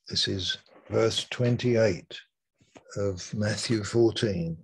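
A man preaching a sermon over a video call, slow and emphatic, with dramatic pauses and sudden swings between soft and loud. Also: on the low side, breathy edge.

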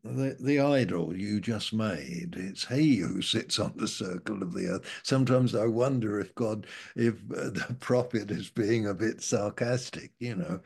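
A man preaching an informal sermon that explains Bible verses, rambling and saying "you know" often, dropping at times from loud to hushed. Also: lowish voice, a little slow, gravelly, hardly any pauses, slightly rough.

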